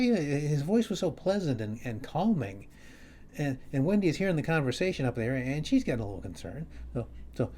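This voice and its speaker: A male comedian telling a wry story at home in a halting, restarting way. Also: fairly high pitch, mellow. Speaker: comedian and host. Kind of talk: storytelling monologue. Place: his home, upstairs.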